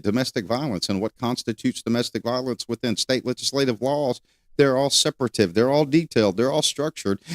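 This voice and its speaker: An older man hosting a solo talk show, rambling and repeating questions with many pauses. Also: medium pitch, no echo, studio quality. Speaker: host.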